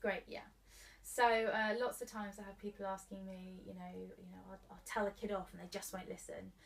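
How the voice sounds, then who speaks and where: A woman giving calm, clear advice on handling children's behaviour in an interview, in an instructive way, a little away from the mic. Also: mid-range voice, moderate pace, distant mic.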